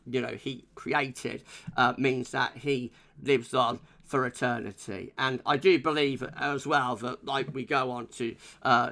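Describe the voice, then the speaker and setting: A man's voice: medium pitch, vocal fry, pushed and bright. A man hosting a charity livestream in a casual, rambling way, with many fillers and tag questions. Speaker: livestream host.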